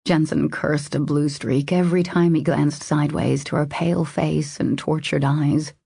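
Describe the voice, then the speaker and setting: A woman narrating a romance audiobook in a steady, measured reading style. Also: low-pitched, creaky, slightly rough, no room sound, studio quality. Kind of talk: scripted narration.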